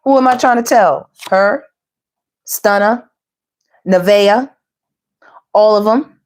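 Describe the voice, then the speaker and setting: A woman giving a casual tarot reading, sassy and animated, full of slang and calling the viewers "baby" and "y'all". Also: mid-range voice, slow. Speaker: tarot reader.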